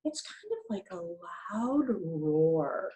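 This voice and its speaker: A woman's voice: lowish voice, sing-song, takes it slowly, echoey room, noisy background. A woman teacher guiding young children through a reading lesson, thinking aloud in an encouraging way.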